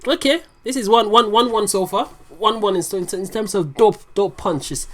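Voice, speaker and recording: A reaction video host casually commenting on lyrics, excitable and profane, explaining the lines aloud. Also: mid-range voice, normal speed.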